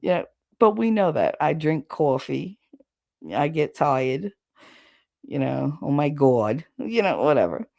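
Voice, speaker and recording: A woman's voice: sits low, sing-song, takes it slowly, vocal fry, mellow, no echo, studio quality. A middle-aged woman with a thick American accent, hosting a casual livestream chat, swearing casually and laughing often. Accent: thick regional American accent. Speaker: livestream host. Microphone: livestream setup.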